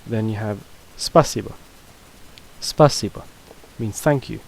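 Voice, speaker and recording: Low-voiced man giving a chatty lesson. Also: normal speed, a little mellow, poor audio. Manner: loose and chatty, with fillers and restarts. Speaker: language teacher. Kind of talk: casual video lesson on a constructed language.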